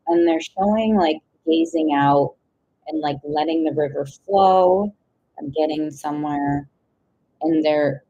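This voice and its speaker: A young woman giving a live intuitive tarot reading, rambling and searching for words, with sudden excited outbursts and casual swearing. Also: deep voice, lo-fi sound. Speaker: tarot reader.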